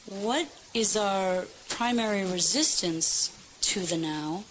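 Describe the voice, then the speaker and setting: A woman's voice: medium pitch, takes it slowly, a bit bright, a little hiss or hum, poor audio. A woman in the audience of a live session, asking her question hesitantly with many fillers and restarts.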